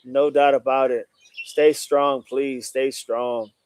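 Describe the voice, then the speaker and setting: A man's voice: mid-range voice, flat delivery, takes it slowly, a little mellow, smooth. A man hosting a casual live stream, reading out viewer comments and greeting chatters by name, often saying "no doubt about it.". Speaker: livestream host reading chat. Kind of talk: casual livestream chat.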